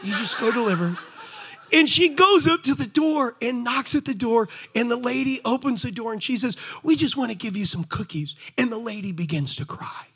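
A man's voice: extremely high pitch, lively intonation, moderate pace, hardly any pauses, slightly rough. A man preaching a sermon, telling stories to the congregation and pressing his points with energy. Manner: conversational storytelling with asides to the congregation; rises to shouted exhortation. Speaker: pastor.

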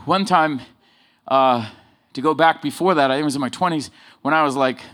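Animated, punchy male preacher. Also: a little fast. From Southern California. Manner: animated, swings from loud emphasis to low asides. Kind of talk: sermon with personal stories.

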